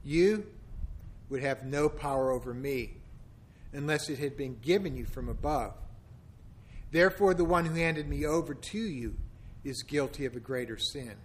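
A man reading as a quiet, solemn prisoner. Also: mid-range voice, moderate pace, pauses often, breathy edge, voice pushed down, lightly acted. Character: calm, solemn male prisoner answering a governor.

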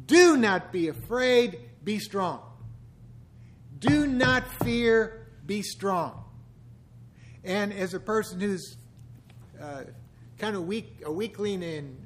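High-voiced older pastor with wry asides. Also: male voice, a bit bright, a little hiss or hum. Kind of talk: conversational sermon.

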